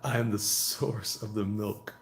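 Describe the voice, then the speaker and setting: Drawing on a live stream, this man talks in a fairly low, steady voice at a measured pace, his speech touched with vocal fry. He's a comic artist who rambles and jokes, reading chat comments out loud and riffing on them, and the sound is roomy.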